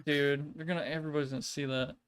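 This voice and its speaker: A man's voice: on the high side, flat delivery, fast talker, smooth. Swearing male gamer reacting. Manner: blunt, swearing reactions to gameplay. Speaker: streamer co-host. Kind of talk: casual reactions while gaming.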